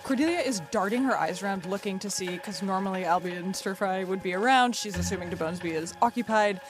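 A player at a tabletop game in a middle-pitched voice, narrating her character's actions in third person. Music runs under the talk. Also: quick pace.

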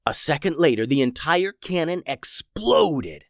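A man narrating a children's adventure story in an animated, dramatic way. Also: a little high, measured pace, creaky, no echo, clean studio sound.

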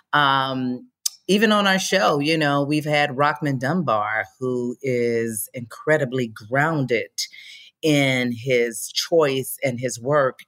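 A woman actress talking casually in an interview, animated and acting out the voices she quotes. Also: rumbling low. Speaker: actress guest.

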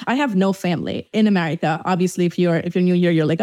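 A woman's voice: lowish voice, steady tone, fast talker, few pauses, darkish tone. A young woman from Dubai hosting her podcast, talking through personal struggles in a frank, profane way, with many restarts and fillers. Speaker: podcast host. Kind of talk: candid confessional monologue.

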